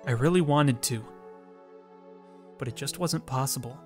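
A man reading the inner monologue of a gloomy, reclusive teenage boy from a visual novel, in a low and mopey voice. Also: measured pace, a little mellow, soft background music, lightly acted.

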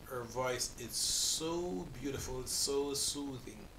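A man's voice: medium pitch, slow, roomy sound, distant mic, background noise. A man in his forties with a Caribbean accent, hosting a reaction video in earnest, rambling talk that restarts its sentences. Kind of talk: casual reaction commentary.

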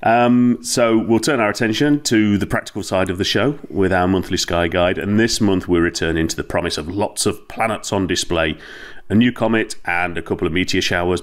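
A man's voice: sits low, normal speed. A man hosting an astronomy podcast over a video call, steering segments in a jokey way. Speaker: host.

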